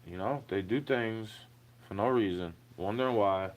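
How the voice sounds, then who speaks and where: A man's voice: fairly low pitch, moderate pace, highs cut off, slight background noise. A man in a recorded monologue, ranting with profanity and firing off rhetorical questions.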